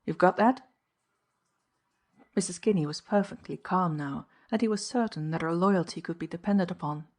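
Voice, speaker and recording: Low-voiced woman narrating an audiobook. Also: fairly quick, few pauses. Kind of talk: scripted narration.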